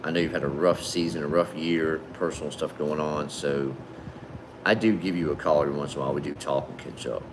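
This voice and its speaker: Low-voiced laid-back man hosting livestream. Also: fairly even intonation, fairly quick, background noise. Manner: laid-back, friendly, calls viewers man and brother. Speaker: livestream host. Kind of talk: casual livestream chat reading viewer comments.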